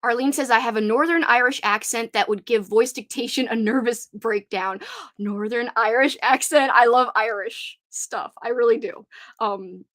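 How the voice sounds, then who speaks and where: A woman's voice: a little high, normal speed, a bit bright, no echo, studio quality. A young woman from Louisiana with a Cajun accent, chatting casually with viewers on a livestream, rambling and giggly. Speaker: livestream host.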